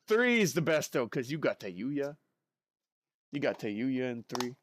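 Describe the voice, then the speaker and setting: A man's voice: mid-range voice, sing-song, measured pace. A male streamer chatting casually and playfully with his live chat while he works at his desk.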